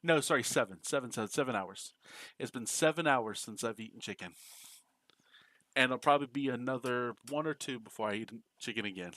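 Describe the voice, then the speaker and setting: A man's voice: medium pitch, brisk, a bit bright. A man from the United States, streaming a game and chatting casually, joking, laughing often and answering chat aloud. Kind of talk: casual live-stream chat while gaming.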